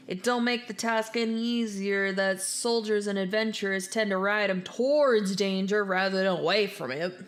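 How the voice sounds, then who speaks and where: A woman's voice: medium pitch, close to an everyday voice. A woman reading a folksy male stablehand's lines in a rustic country dialect, with game music underneath. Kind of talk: reading game dialogue aloud.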